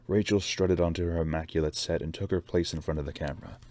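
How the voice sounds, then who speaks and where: A man reading a novel aloud with steady narration. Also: low voice, fast talker. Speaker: reader.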